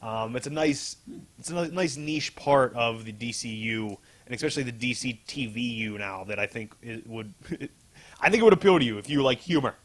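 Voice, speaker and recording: A man's voice: medium pitch, moderate pace. A man co-hosting a podcast, casually recapping a comic with a rambling, laughing delivery and casual swearing. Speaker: podcast co-host.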